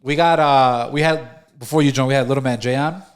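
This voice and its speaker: A young man telling a story on a podcast, animated, acting out the voices of the people he quotes and swearing freely. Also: mid-range voice, fairly quick. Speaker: podcast host. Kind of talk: casual storytelling chat.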